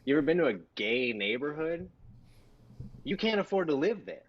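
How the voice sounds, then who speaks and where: A man performing a stand-up set over a video call, talking in a deadpan, provocative way and laughing at his own jokes. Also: a little high, normal speed, highs cut off. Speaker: stand-up comedian. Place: Texas home.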